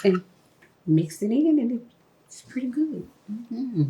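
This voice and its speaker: A woman from Dallas, chatting casually as a guest over supper, relaxed and folksy. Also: a little high, takes it slowly, slight background noise. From Dallas, Texas. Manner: relaxed, folksy, many mm-hmms. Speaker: guest, dress and wig designer. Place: home kitchen table.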